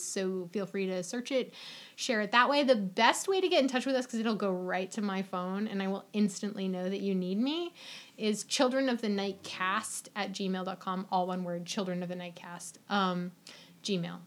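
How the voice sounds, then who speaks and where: A woman's voice: mid-range voice, a bit bright. A young adult woman hosting a podcast, chatting casually in a rambling, giggly, playful way. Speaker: podcast host. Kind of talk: casual chat.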